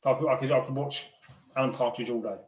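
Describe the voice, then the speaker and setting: A man's voice: medium pitch, steady tone, fast, muffled recording. A man co-hosting a podcast, chatting enthusiastically and often repeating words as he gets going. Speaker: podcast co-host. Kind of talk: casual chat. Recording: roomy and distant from the mic.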